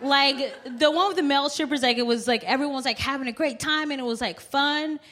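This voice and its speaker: A woman's voice: high-pitched, a little fast, fairly bright tone, slight background noise. Chatty woman in her thirties. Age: 30s. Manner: chatty, heavy use of "like". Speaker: comedy show host. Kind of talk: casual storytelling banter.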